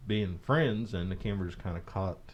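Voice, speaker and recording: A man chimes in on a casual movie podcast, brief and teasing. His voice is fairly low. Faint hiss runs under the recording. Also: fairly quick, lo-fi sound. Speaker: podcast co-host. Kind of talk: casual movie review chat.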